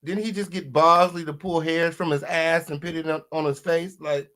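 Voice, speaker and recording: At normal speed, a sassy male host delivers reaction commentary on a diss track. His lively delivery veers between loud bursts and low muttering, and he encourages the chat to vote.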